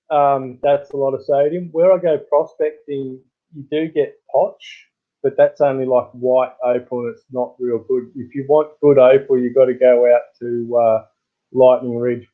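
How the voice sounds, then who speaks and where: A man's voice: little pitch movement, a little slow. Australian male streamer, rambling casual chat, tinny phone-line sound. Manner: rambling, greets chat viewers with sudden high-pitched bursts. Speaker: live stream host.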